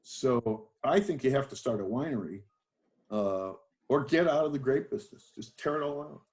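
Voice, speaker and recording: A man's voice: medium pitch, expressive, moderate pace, darkish tone. Older man telling rambling stories. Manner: rambling, self-deprecating, with fillers and restarts. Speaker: guest, winemaker. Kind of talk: storytelling interview.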